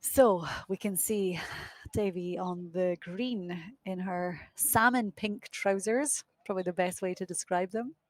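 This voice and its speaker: A woman's voice: on the low side, a little slow, dry recording. Chatty woman golf commentator, outdoors. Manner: chatty, self-deprecating, laughs at herself. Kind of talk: live sports commentary. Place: outdoors on a windy golf course.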